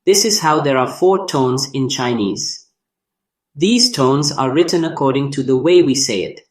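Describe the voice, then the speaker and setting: Guy teaching a language lesson, slow careful narration, normal pitch. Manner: slow, deliberate delivery demonstrating tones with drawn-out sounds. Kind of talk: scripted tutorial narration.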